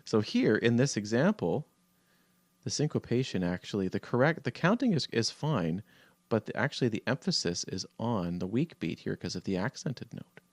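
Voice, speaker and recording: A man teaching a music theory lesson over a shared screen, relaxed and halting with many fillers, counting beats aloud. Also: fairly low pitch, no echo.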